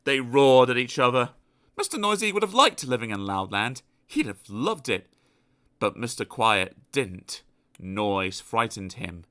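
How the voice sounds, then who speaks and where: A man narrating a children's storybook aloud in an expressive, animated storytelling manner. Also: medium pitch, measured pace, clean tone, dry recording, studio quality. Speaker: audiobook narrator.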